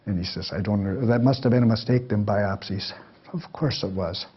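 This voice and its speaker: A man's voice: lowish voice, brisk, breathy edge. An older man telling life stories to an audience in a folksy, rambling way that keeps breaking into chuckles. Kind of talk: storytelling talk. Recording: dull lo-fi lecture recording.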